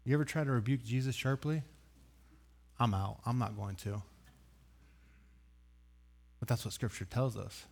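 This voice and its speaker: A man preaching a sermon, telling the story with animated acted-out voices, loud sudden bursts and dry joking asides. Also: mid-range voice, moderate pace, vocal fry, pauses often. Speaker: pastor.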